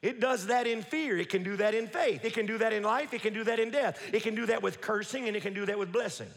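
Emphatic high-pitched preacher man, echoey church. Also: a bit bright. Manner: emphatic, repetitive, leads the congregation in call-and-response; quick rhetorical questions and restarts. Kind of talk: sermon. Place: church sanctuary. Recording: reverberant church hall.

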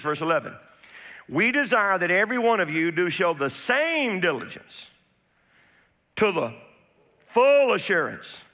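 In a church-hall setting with long, lingering reverb, a male pastor's high, bright voice rings out as he preaches with emphasis. He keeps returning to key phrases and prompts his congregation to answer back.

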